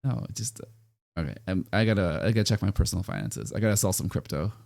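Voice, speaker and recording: A man's voice: low-pitched, fast, creaky, a little mellow, dry recording, clean studio sound. A man hosting a casual podcast chat, talkative and self-deprecating, rambling a little as he thinks aloud. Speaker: podcast host.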